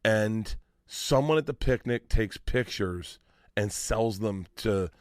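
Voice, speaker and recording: A man in his forties telling stories on a podcast, animated and profane, laughing as he talks. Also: lowish voice, takes it slowly, dry recording. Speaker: guest storyteller. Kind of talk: casual podcast storytelling.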